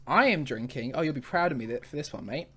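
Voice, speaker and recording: A laid-back man chats casually as a podcast co-host, laughing easily. His pitch swings widely as he talks. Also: expressive, quick pace, bright, forceful tone, breathy edge. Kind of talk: casual chat.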